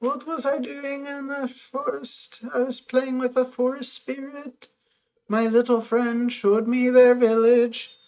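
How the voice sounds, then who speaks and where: Woman doing a shy little sewer creature, slow and gentle, kinda high. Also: level tone. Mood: earnest.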